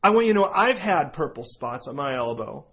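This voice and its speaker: A man's voice: on the high side, fairly quick. A man preaching a sermon, telling an illustrative story and acting out both sides of the dialogue. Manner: animated storytelling, switching between characters' voices. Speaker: pastor.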